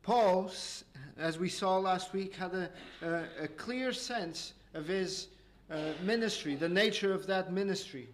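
A man preaching an expository sermon, earnest and halting, with frequent hesitations and restarts, slowing down to stress key phrases. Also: high voice, slight background noise. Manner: slows and rises for emphasis.

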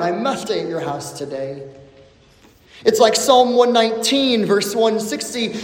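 A man delivers a sermon in a high, expressive voice that rises and falls widely. He speaks slowly and deliberately, moving from urgent calls to hushed, solemn lines. The sound carries a long echo from a large hall. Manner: dramatic storytelling, swings between loud urgency and hushed lines. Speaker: preacher.

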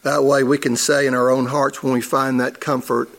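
A man's voice: mid-range voice, little pitch movement, moderate pace, a bit bright. A man, a church elder, preaching a sermon in a conversational storytelling way and chuckling at his own stories.

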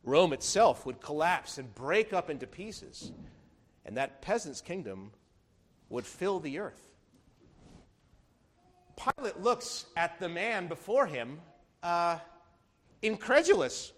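Guy preaching a sermon, kinda high voice, really expressive, lots of rhetorical questions. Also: slow pace, long pauses. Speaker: pastor.

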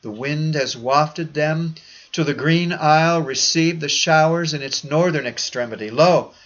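A man preaching a sermon in a solemn, measured oratorical manner with old-fashioned phrasing. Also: on the high side, a bit bright. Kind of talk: sermon reading. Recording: dull lo-fi recording.

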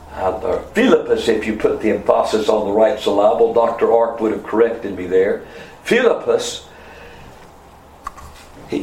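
A man preaching a sermon, teaching verse by verse with quick asides and self-corrections. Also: medium pitch, a little mellow, roomy sound, slight background noise, low-quality recording. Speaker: pastor. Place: church sanctuary.

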